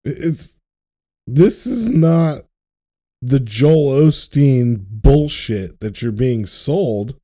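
Young man, podcast co-host, slow deliberate delivery, profane impassioned rant. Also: medium pitch, expressive, warm tone. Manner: ranting, profane, passionate about faith. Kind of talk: casual podcast chat.

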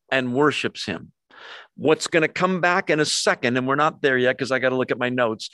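A man's voice: mid-range voice, fairly bright tone, dry recording. A middle-aged man preaching a sermon in a conversational way, with rhetorical questions and humorous asides. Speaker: pastor.

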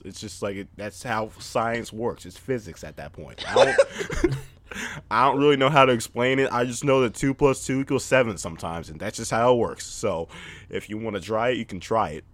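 Low-voiced boastful man joking on a podcast. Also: moderate pace, fairly bright tone, no room sound. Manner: boastful, teasing, laughs often. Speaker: podcast co-host. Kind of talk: casual joking chat.

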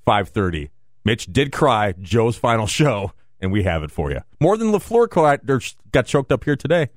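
A man's voice: medium pitch, big pitch swings, normal speed, no room sound. Male radio host, mid voice, casual teasing studio banter. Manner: teasing, needling. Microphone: studio mic.

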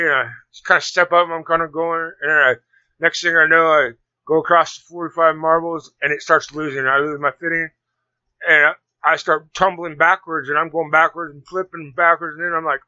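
A man telling a long story in casual conversation, rambling and animated, with many restarts. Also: fairly high pitch, no echo. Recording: dull lo-fi sound.

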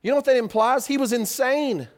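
High-voiced, animated preacher. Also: male voice, fairly quick. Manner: animated, conversational storytelling with rhetorical questions. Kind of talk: sermon.

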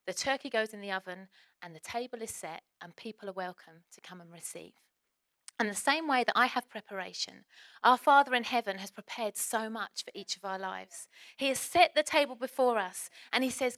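A woman preaching a sermon in a chatty, lively way, with sudden quiet asides. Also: fairly high pitch.

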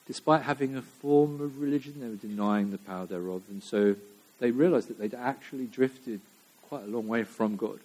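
A male pastor delivering a sermon, swinging between loud emphatic lines and hushed near-whispers, often repeating phrases. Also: fairly high pitch.

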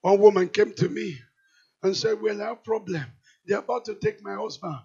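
A man with a Nigerian accent preaching a sermon, moving from quiet storytelling to shouted declarations. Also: high voice, fairly even intonation, normal speed, breathy edge, lo-fi sound. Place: large church hall.

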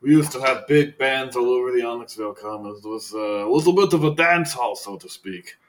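A man's voice: medium pitch, a little fast, lightly acted, low-quality recording. A man voicing a rambling old ex-crook. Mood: folksy. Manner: chuckling, rambling, hesitant. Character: older male ex-criminal tavern keeper, legless, folksy.

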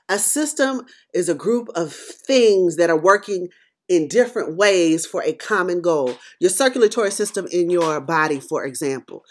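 Middle-aged woman podcaster, preacherly commentary that builds loud then drops quiet. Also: on the low side. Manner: emphatic, preacherly, swings between loud and quiet. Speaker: podcast host. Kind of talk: impassioned commentary monologue.

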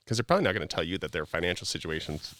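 A man's voice: sits low, expressive, racing, fairly bright tone, dry recording. A middle-aged man, a podcast guest, talking in an earnest, preachy, motivational way with many casual "like" fillers.

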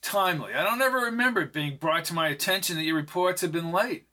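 A man reading the lines of a smooth, charming male executive, slow and self-assured. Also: on the high side, bright, forceful tone, pitched above the performer's own voice. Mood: smug.

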